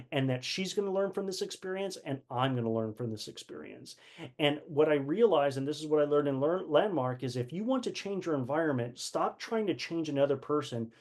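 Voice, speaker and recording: Earnest man teaching, slightly high voice. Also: a little mellow. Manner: earnest, repeats words, acts out quoted dialogue. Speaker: leadership course teacher. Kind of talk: personal teaching talk.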